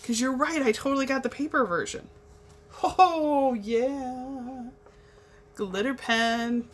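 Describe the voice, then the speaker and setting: Brief: young woman, bubbly craft livestream host, a fairly high voice, chatty asides while she works. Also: a bit bright, a little hiss or hum. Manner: bubbly, chatty, talks to viewers while working. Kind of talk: casual chat while painting.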